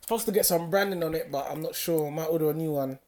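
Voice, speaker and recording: Laid-back young guy, podcast co-host, a crowd clearly audible behind him. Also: fairly high pitch, fast. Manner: laid-back, jokey, slang-heavy. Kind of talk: casual chat.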